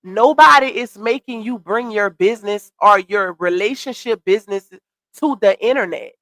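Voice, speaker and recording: A woman's voice: mid-range voice, moderate pace, a bit bright, no echo. A woman with a cold and a stuffy, congested voice, hosting a casual live stream commentary, sassy and chatty as she greets her chat.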